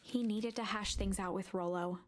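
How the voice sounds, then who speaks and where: A woman narrating a video game in a measured, storybook manner. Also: medium pitch, steady tone, slight background noise, lightly acted. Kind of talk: scripted narration.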